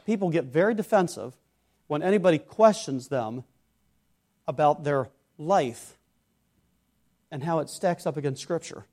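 A man delivers a sermon, shifting from loud exhortation to quiet, earnest tones and acting out imagined questioners along with their answers. His voice is slightly high and expressive, and he speaks at a measured pace with long pauses.

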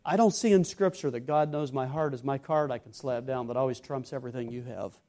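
A man at medium pitch preaches briskly, sometimes exhorting loudly and sometimes dropping to an earnest hush. Along the way he dramatizes imagined people asking questions and the answers they get.

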